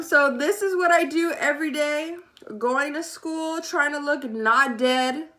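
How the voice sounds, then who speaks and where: A woman's voice: on the high side, a bit bright. A young woman chatting casually as she does her makeup, sassy and sarcastic, swearing freely. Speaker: beauty vlogger. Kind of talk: casual get-ready-with-me chat.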